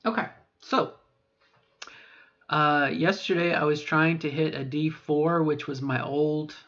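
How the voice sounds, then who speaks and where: A woman's voice: deep voice, steady tone, slow, fairly bright tone. A middle-aged trans woman speaking in her unaltered voice for a voice training vlog, meandering and hesitant, correcting herself often. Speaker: vlogger. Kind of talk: voice training vlog, rambling self-talk. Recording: dull lo-fi recording.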